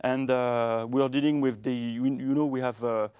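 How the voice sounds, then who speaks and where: A man from France with a French accent. He answers interview questions politely and haltingly, with many fillers, speaking English rather than his native French. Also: mid-range voice, steady tone, a little mellow, clear, resonant tone, muffled recording. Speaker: TV guest, diplomat.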